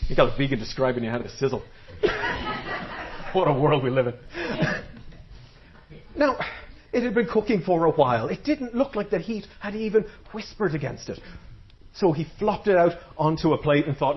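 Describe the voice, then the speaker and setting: A man's voice: a little high, expressive, normal speed, pauses often, muffled recording, slight background noise. A man telling a folktale live to an audience, dramatic and playful, drawing the crowd in. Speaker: storyteller. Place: live storytelling event before an audience.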